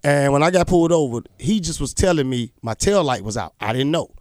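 A comedian telling funny stories on a morning radio show, acting out the people in them and laughing often. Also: male voice, a little high, fairly quick, dry recording, clean studio sound. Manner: animated storytelling, laughing, acting out quotes. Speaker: comedian guest. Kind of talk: casual radio chat. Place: radio studio. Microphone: studio microphone.

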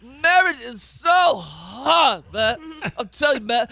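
Man impersonating an exasperated male comic: slow, loud, bright-edged rant. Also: extremely high pitch, very animated, vocal fry, pitched above the performer's own voice, full character voice. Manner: slow drawn-out repetitive ranting, punchy and loud.

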